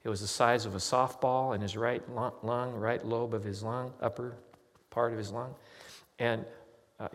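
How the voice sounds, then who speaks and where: A man preaching as a pastor, speaking at an ordinary middle pitch. He tells his story earnestly and conversationally, like a sermon testimony. A long reverb hangs on his voice, as in a large hall.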